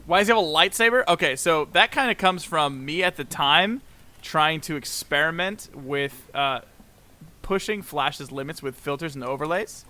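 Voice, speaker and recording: Bright, excitable man telling stories. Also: fairly high pitch, moderate pace. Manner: animated storyteller, laughs often, acts out quoted exchanges. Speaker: guest animator. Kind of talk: casual podcast chat.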